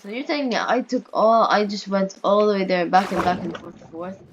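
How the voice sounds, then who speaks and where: A gaming video creator casually comments on her play, playfully addressing characters on screen with yelps and mock-panicked pleas. Her medium-pitched voice is a little fast, on lo-fi audio with background noise.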